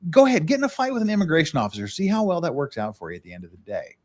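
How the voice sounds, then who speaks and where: A middle-aged man from the United States talks bluntly in a casual chat, swearing freely. His voice sits a touch high for a man, and he slips into loud mock rants when he quotes people. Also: wildly swooping pitch, racing. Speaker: podcast host.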